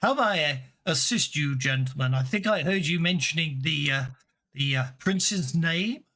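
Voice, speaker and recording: Formal fussy head butler as a man puts him on, precise diction, raised bright voice. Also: on the high side, animated, a little slow, exaggerated voice. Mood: polite. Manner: courteous, fussy. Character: portly precise older male head butler.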